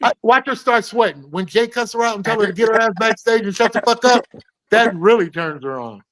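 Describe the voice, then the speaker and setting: A man with a notably high voice ribs his co-hosts in crude, profane banter. He talks loudly and pushes every joke further. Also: a little fast, low-quality recording. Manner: loud, profane, teasing. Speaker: co-host.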